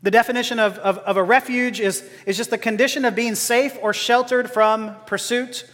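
A man's voice: extremely high pitch, steady tone, moderate pace, a bit bright. A man preaching a sermon in an earnest, impassioned way, building to emphatic declarations. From Texas. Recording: long hall reverb.

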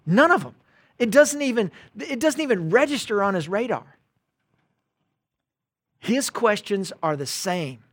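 Pastor, male, high voice, dry close sound, casual preaching with loud-soft swings. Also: very animated, a little slow, pauses often, no room sound. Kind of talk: sermon.

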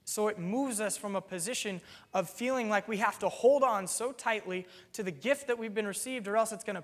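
Guy preaching a sermon, fairly high voice, earnest, explains stuff with simple examples, long reverb. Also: fairly bright tone.

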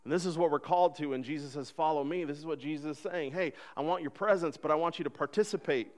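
Animated, conversational male pastor. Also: fairly high pitch, fast. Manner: animated and conversational, acting out dialogue. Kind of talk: sermon. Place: church sanctuary.

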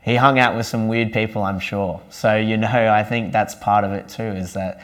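A man's voice: on the low side, fairly even intonation, normal speed, a bit bright. A young man earnestly sharing his faith testimony at church in a casual, conversational way.

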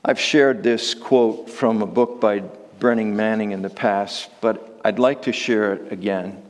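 A man's voice: fairly even intonation, unhurried, long reverb tail. A man, a pastor, preaching a sermon and reading long quotations aloud. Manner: reads long quotations aloud, rising high for voiced prayers.

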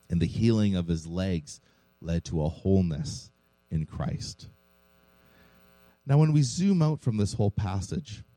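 Casting: male pastor, earnest sermon delivery, low voice, very warm and mellow tone. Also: no echo, poor audio. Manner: earnest preaching with rhetorical questions.

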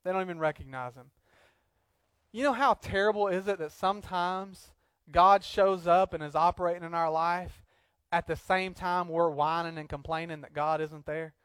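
A man preaching a sermon in an animated, joking way, acting out little scenes between points. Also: high voice, normal speed, clear, resonant tone, dry recording. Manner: animated, jokey preaching with acted-out asides. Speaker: pastor.

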